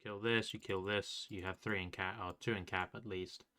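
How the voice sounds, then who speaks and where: A man with a lowish voice and a bright, forward tone walks through game strategy in a relaxed, unscripted way. His talk is loose and rambling, and he keeps correcting himself mid-thought. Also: normal speed. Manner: loose and rambling, full of fillers and self-corrections. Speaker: game strategy guide creator. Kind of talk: casual explanation of game tactics.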